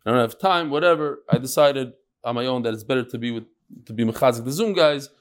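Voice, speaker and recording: A middle-aged man teaching a daily Talmud class with lively storytelling and quick asides. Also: medium pitch. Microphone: on Zoom.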